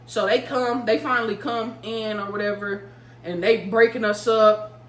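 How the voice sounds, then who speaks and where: A young woman vlogger telling a story casually, animated and profane, throwing in vocal sound effects. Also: fairly high pitch, normal speed. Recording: roomy room with faint hum.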